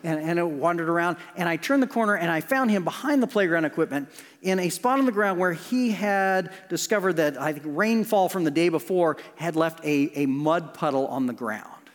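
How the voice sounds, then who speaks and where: A middle-aged man preaching a sermon in a slightly high voice. He swings between loud emphatic lines and soft, hushed asides. A long reverb hangs behind his voice from the church hall. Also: normal speed. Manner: earnest, shifts from loud emphasis to hushed near-whispers. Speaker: pastor.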